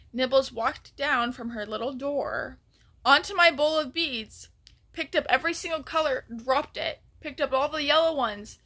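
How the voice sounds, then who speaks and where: In a casual vlog, a woman with a high, sharp-toned voice tells a rambling story full of ums and restarts, sometimes dropping almost to a whisper.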